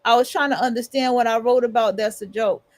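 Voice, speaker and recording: A woman's voice: fairly high pitch, a little fast. A woman hosting a livestream, talking casually and rambling with restarts and blunt, profane asides. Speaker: livestream host.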